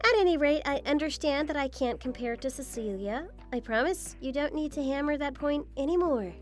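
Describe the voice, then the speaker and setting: Woman voicing a polite patient young wife, very high voice, scripted drama. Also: a little fast, lightly acted. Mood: firm. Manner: apologetic, polite. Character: meek patient young daughter-in-law. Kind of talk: scripted text-story drama.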